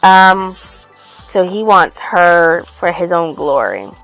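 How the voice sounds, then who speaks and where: A woman's voice: fairly low pitch, very animated, slow pace, fairly bright tone, no echo, soft background music, poor audio. A woman casually recapping a book's plot, rambling and swearing freely. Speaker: book reviewer.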